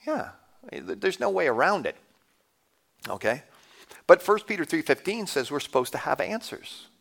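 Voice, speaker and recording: A man's voice: fairly high pitch, very animated, normal speed, vocal fry, a bit bright, husky. A Canadian man in his fifties preaching a conversational sermon to a congregation, asking the audience questions as he goes. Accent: Canadian English. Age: 50s. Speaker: guest speaker.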